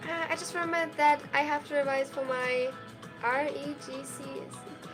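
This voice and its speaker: A young woman with a high, bright-pitched voice talks casually on a live stream, reading chat messages aloud and reacting with quick bursts of excitement. She sounds tired from lack of sleep, with faint music playing behind her in a small dorm room. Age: young adult.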